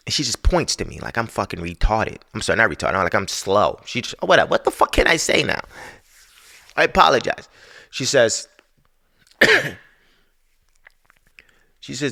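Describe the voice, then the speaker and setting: A man's voice: mid-range voice, very animated, normal speed, pauses often, pushed and bright. A man hosting a podcast, telling a story in a casual, profane, exasperated rant. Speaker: podcast host.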